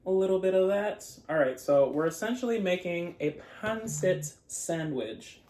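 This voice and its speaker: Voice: mid-range voice, expressive, moderate pace, a little mellow, a little hiss or hum. A playful, chatty host talking casually while eating, describing food in detail and calling to viewers as y'all. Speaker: mukbang host. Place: home room with dogs nearby. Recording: echoey room.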